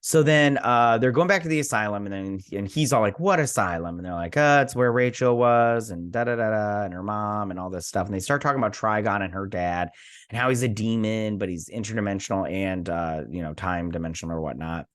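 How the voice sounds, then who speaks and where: A man's voice: fairly low pitch, a little fast. A young man casually recapping and reviewing a TV episode, rambling with many fillers and restarts. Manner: rambling with many fillers and restarts, paraphrasing characters in a flat aside. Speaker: TV review host.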